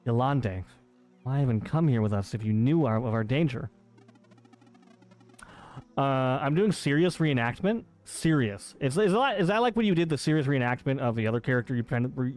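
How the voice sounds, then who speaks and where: A man's voice: mid-range voice, fairly quick, darkish tone, faint music behind. Playful man teasing his stream chat. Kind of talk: live game stream chat.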